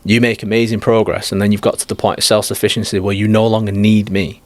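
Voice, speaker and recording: Blunt low-voiced male life coach. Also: flat delivery, quick pace, no echo. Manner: blunt, direct and emphatic. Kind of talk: podcast conversation.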